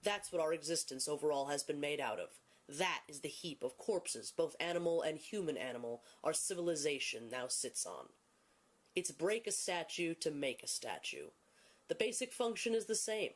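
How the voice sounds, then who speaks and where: A woman giving dramatic scripted film narration in a grave, solemn, deliberate manner. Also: sits low, animated.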